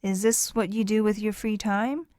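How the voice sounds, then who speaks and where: A woman's voice: medium pitch, steady tone, normal speed, a little mellow, dry recording, lightly acted. Woman narrator doing a friendly teen boy, lightly voiced, close dry read. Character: friendly teenage boy classmate, easygoing.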